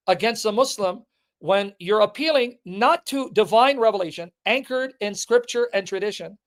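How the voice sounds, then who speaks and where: Insistent speaker lecturing his viewers. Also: mid-range voice. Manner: emphatic, repetitive, insistent, addressing the audience directly.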